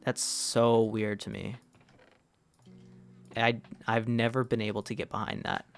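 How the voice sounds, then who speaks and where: A man's voice: lowish voice, little pitch movement, measured pace, creaky, faint music behind. A man streaming a game, chatting casually in a rambling way, restarting and correcting himself as he answers chat. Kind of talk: casual gaming livestream chat.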